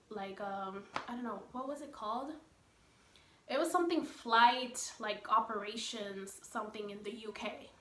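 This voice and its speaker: Bubbly young woman telling a storytime. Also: on the high side. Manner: animated retelling, acting out quoted people, many "like" fillers. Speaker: vlogger. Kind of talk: storytime vlog. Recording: echoey room.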